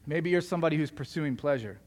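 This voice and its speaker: A man's voice: a little high, fast talker, a little mellow, a little hiss or hum. Conversational male pastor preaching. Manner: conversational, joking storyteller. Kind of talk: sermon.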